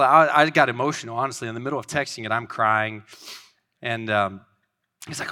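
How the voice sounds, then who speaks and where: A man's voice: medium pitch, quick pace, pushed and bright. A man in his thirties giving an informal, earnest sermon, rambling with many restarts.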